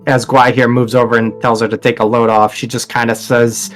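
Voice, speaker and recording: A man's voice: medium pitch, little pitch movement, brisk, hardly any pauses, faint music behind. A man narrating a tabletop game as game master, in a casual, rambling way with many fillers.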